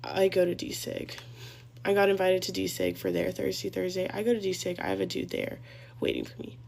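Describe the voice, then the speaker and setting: A woman's voice: on the low side, big pitch swings, normal speed, creaky, a little mellow. Young woman telling a messy story. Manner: chatty, rambling, profane. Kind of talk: casual storytime vlog.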